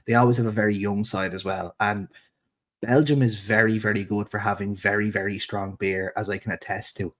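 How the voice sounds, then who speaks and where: Laid-back man, low voice. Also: steady tone, fairly quick, fairly bright tone. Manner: laid-back, swears casually, laughs easily. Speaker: podcast co-host. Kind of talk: casual football podcast chat.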